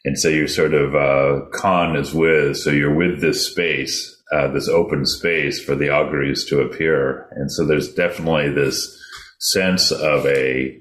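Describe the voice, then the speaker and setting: A man with an extremely deep voice hosts a reflective interview and speaks in a measured, scholarly way. He pauses often between thoughts. His voice carries a noticeable room echo. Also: fairly even intonation, a bit bright. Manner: measured, scholarly, hesitant fillers. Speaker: radio show co-host.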